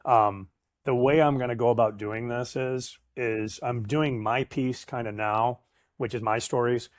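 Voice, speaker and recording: A man's voice: medium pitch, unhurried, no echo, studio quality. A middle-aged man, a sales professional guest, telling stories casually and acting out the dialogue. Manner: animated storyteller, acts out dialogue, casual slang. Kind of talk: casual storytelling interview.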